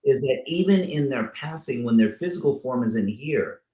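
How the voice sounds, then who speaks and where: A man's voice: mid-range voice, expressive, moderate pace, dark tone. A man hosting a talk show, chatting playfully and reeling off long lists of words. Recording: roomy echo.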